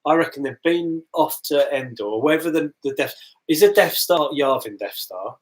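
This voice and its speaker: A man's voice: fairly high pitch, animated, moderate pace. Man, podcast co-host, stuffy and sniffly, teasing banter. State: sniffly, coughing. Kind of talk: casual live-stream chat.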